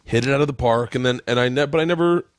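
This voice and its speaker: A man's voice: mid-range voice, very fast, no echo. Profane, jokey male podcast host, dry sound. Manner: loose, profane, jokey banter. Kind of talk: casual podcast chat.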